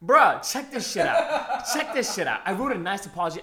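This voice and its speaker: A young man spins an animated, slang-heavy story in casual chat. His voice sits high and swoops all over, bright and fast. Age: 20s.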